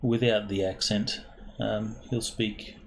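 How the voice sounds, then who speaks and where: A man narrating as game master in a tabletop game, deliberate and full of ums. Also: on the low side, level tone, creaky, slight background noise, rough recording.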